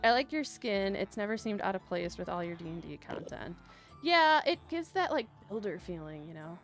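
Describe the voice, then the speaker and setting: With faint music in the background, a woman hosts a casual gaming stream, reading viewers' messages aloud and chatting in a bubbly, rambling manner punctuated by frequent laughter. Her mid-range voice is animated and moderately paced.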